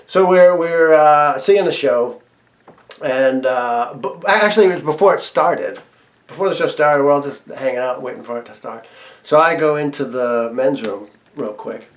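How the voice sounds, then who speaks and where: A man casually telling a personal story, laughing often and restarting his sentences. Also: mid-range voice. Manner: chatty, laughs often, frequent restarts and fillers. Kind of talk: casual anecdote.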